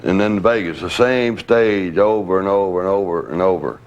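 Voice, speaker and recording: A man's voice: deep voice, moderate pace, highs cut off. Older man telling backstage stories. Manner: storytelling, acts out quotes, laughs. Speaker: former bodyguard recounting stories. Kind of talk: candid reminiscing interview.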